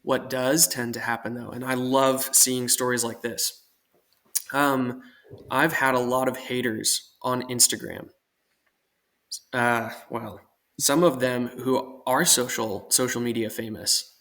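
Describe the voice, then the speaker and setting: A man's voice: mid-range voice, steady tone, slow, fairly bright tone. A man from Oregon, a guest armorer on a podcast, talking in a casual, earnest and reflective way at length. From Portland, Oregon.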